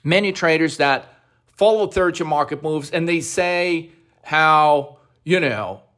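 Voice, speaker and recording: A man's voice: a little high, takes it slowly. A man coaching options traders in a profane, aggressive motivational rant, blunt and swearing constantly as he gets more heated. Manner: grows louder and more heated.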